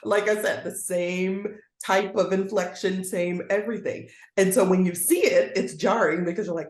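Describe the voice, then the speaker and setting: A woman guest educator speaks earnestly in a conversational interview, using a mid-range voice at a moderate pace with hardly any pauses. Now and then she acts out the voices she quotes, and the sound is roomy and echoey.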